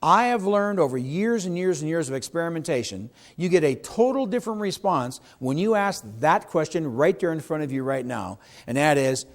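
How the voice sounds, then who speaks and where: A middle-aged man leads a sales seminar. His voice sits somewhat high for a man, and he speaks with emphasis, often turning to ask the audience questions and acting out client lines. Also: lively intonation, normal speed, few pauses. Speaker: real estate sales trainer. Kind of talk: seminar talk to a live audience.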